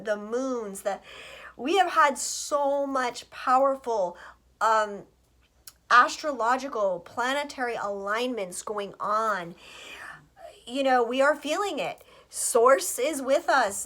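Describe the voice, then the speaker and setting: Woman, slightly high voice, casual tarot reading, chatty, scattered, swears freely. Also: fairly bright tone. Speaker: astrologer and tarot reader.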